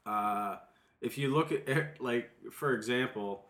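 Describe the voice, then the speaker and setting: A man's voice: medium pitch, unhurried. Casual man in a roomy space. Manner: animated storytelling, voice jumps up when riled. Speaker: podcast co-host. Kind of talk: casual chat. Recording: roomy echo.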